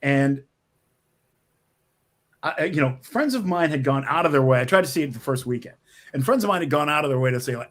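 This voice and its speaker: Fairly high in pitch and a little fast, his speech is broken by long pauses. The middle-aged screenwriter, a guest in a video-call interview from his office, is an animated storyteller who often restarts sentences and laughs.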